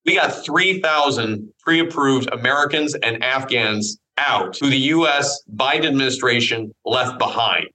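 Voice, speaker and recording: A man's voice: medium pitch, pushed and bright, low-quality recording. A middle-aged man from Iowa, a congressman speaking earnestly and firmly in a political interview. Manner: earnest, firm, measured speech. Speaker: congressman guest.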